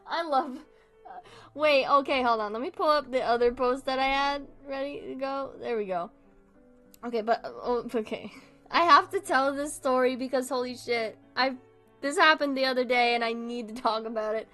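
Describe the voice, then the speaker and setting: Swearing, animated young woman host. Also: high-pitched, normal speed, soft background music. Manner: animated, swears freely, laughs often. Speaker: video host reading online posts. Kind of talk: casual commentary.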